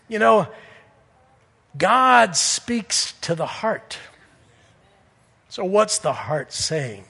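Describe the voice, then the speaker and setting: High-voiced preacher in a reverberant hall. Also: male voice, lively intonation, slow, creaky, pauses often, slightly rough. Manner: earnest, swings from loud appeals to hushed near-whispers. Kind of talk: sermon.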